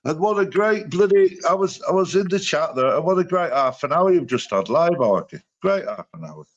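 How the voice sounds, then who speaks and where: A man's voice: on the high side, sing-song, normal speed, dull audio. A stoned man rambling matily in a livestream chat, swearing along the way. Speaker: panel guest.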